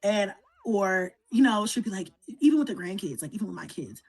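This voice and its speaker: A middle-aged woman livestreaming, talking softly and rambling with many fillers. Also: mid-range voice, expressive, a little fast. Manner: soft, rambling, with filler words. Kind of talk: emotional casual livestream chat.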